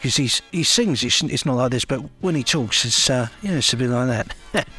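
A man's voice: medium pitch, expressive, moderate pace, sharp tone, faint music behind. A man co-hosting a podcast, talking in an enthusiastic, rambling, chatty way. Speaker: podcast co-host. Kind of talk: casual chat.

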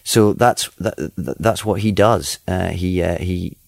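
A man's voice: low voice, takes it slowly, vocal fry, no room sound. A Scottish actor talking about his role in an interview soundbite, hesitant with many fillers.

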